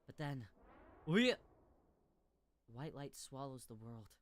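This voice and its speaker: Swearing and joking offhandedly between lines, this streamer voices a visual novel in the first person and keeps bursting into loud shrieks and cries over and over. She speaks a little fast in a low, animated voice.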